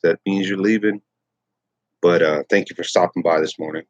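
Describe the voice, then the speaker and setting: A middle-aged man talks in a relaxed, meandering way, full of ums and false starts, his voice very low and a little husky. The sound is dry and slightly dull, as if picked up at home on a modest mic. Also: normal speed, no room sound. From Texas. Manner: rambling, many fillers and restarts. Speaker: livestream host. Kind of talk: casual morning livestream chat.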